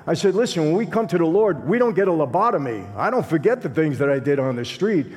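A man's voice: on the high side, expressive, fast, darkish tone. Brooklyn man preaching in a reverberant hall. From Brooklyn, New York. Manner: streetwise, conversational, acts out dialogue. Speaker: guest speaker. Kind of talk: testimony sermon.

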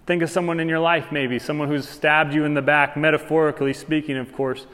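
A man preaching a sermon as pastor, reading scripture aloud and speaking with animated, rising intensity. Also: fairly high pitch, fairly quick. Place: church sanctuary. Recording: long hall reverb.

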